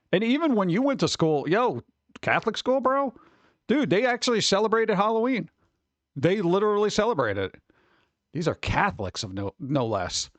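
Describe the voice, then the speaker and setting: A man's voice: high voice, dry recording. A man streaming live, chatting casually and rambling as he reads comments from chat aloud.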